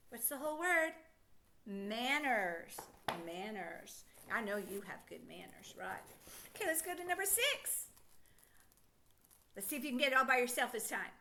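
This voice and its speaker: A middle-aged woman teacher, high-pitched and animated, gently guides a child through phonics with encouraging questions.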